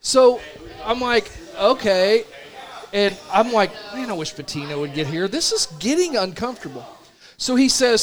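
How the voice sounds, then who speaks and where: A man's voice: high-pitched, normal speed. A man in his thirties, a radio host telling a story in casual chat and acting out other people's lines. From Indiana. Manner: animated storyteller, acts out voices of others.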